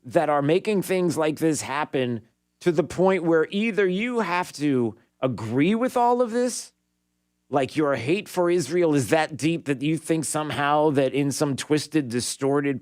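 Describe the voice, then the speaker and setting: A male talk radio host with a fairly high voice that swings up and down a lot as he rants. He is sarcastic and bantering, heard on a dry, close studio mic. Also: measured pace, dry recording. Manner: sarcastic, animated, banters with producer. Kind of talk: opinionated talk radio monologue.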